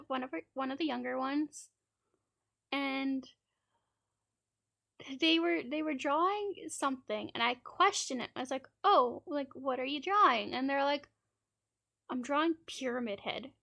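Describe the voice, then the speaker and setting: A woman's voice: high-pitched, gravelly, fairly bright tone. A woman streamer from Canada telling rambling, laughing anecdotes in a casual chat and acting out children's lines.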